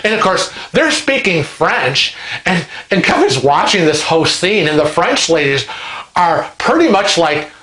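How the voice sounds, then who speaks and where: A man hosting a vlog, telling a story in a chatty, animated way and acting out the people in it. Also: fairly high pitch, unhurried. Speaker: vlog host. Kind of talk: casual storytelling. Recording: roomy echo.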